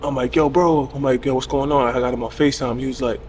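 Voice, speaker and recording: A man in his thirties tells a story at a quick clip. He acts out everyone's lines with lively, loose energy and casual cursing. A faint ambience hangs behind him. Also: mid-range voice, a little hiss or hum. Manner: animated retelling with quoted voices, casual cursing. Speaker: podcast guest.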